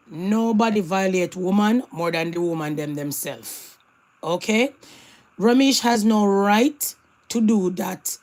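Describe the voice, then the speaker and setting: A commentator with a mid-pitched voice who talks emphatically, drives points home through repetition and mixes in patois phrases. The delivery is steady opinion commentary. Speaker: online commentator.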